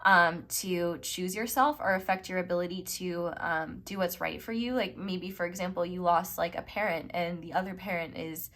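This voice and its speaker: A woman's voice: lowish voice, steady tone, normal speed, hardly any pauses, fairly bright tone. A young woman doing a casual tarot reading to camera, chatty and rambling with lots of fillers. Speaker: tarot reader.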